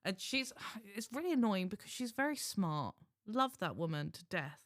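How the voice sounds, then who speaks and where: A man's voice: high-pitched, very animated, moderate pace, a bit bright, dry recording, studio quality. A man co-hosting a podcast, chatting casually in a rambling, self-mocking way with restarts. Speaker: podcast co-host. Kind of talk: casual chat.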